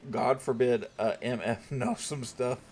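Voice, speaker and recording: A man's voice: medium pitch, a little slow, a little mellow, a little hiss or hum. A young man with a Southern US accent, chatting casually with his viewers while streaming a game, joking and laid-back. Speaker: gaming streamer. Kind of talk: casual live-stream chat.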